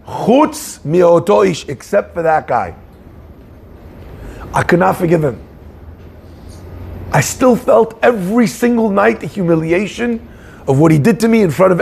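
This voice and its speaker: A man giving an animated storytelling sermon, acting out the people in his story. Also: high-pitched, gravelly, slightly rough. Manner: animated storyteller, acts out shouting voices. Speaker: rabbi giving a talk.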